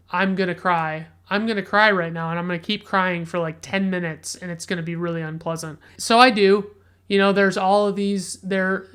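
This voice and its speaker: A man's voice: high voice, fairly bright tone, clean tone. A man hosting a casual solo podcast, reviewing a film in a rambling, chatty way and swearing freely.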